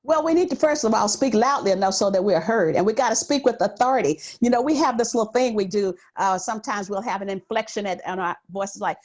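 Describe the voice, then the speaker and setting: A woman's voice: medium pitch, quick pace, few pauses. A woman guest author in an interview, speaking with authority, projecting her voice, often laughing and acting out what others say. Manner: animated, laughing, acts out quoted remarks. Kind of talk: interview conversation.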